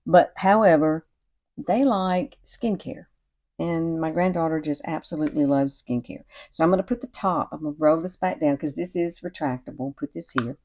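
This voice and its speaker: A woman talks through a casual makeup tutorial at home. She sounds chatty and encouraging and keeps calling the viewer girl. Her voice sits a little low. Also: moderate pace, darkish tone. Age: 60s. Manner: chatty and encouraging, often says y'all and girl. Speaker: beauty vlogger. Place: home at night with cicadas outside.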